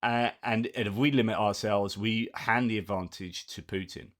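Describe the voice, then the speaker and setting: Chatty lower-voiced man commenting on news. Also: steady tone, moderate pace, fairly bright tone. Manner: chatty, self-correcting, with frequent asides; reads quoted statements aloud in between comments. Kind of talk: casual spoken news commentary.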